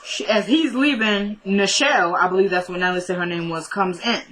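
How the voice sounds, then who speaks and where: A woman's voice: mid-range voice, fairly quick, fairly bright tone, a little hiss or hum, low-quality recording. A woman in a casual vlog, recapping a TV episode in a chatty way and acting out the characters' lines as she goes. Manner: chatty, retells scenes by quoting characters. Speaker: TV episode reviewer.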